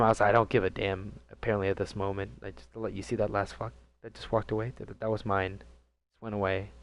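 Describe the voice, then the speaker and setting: Low, smooth young man telling a story. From DC, Maryland and Virginia area. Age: young adult. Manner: casual, rambling, profane, with many fillers and restarts. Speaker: gaming vlogger. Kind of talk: storytime vlog.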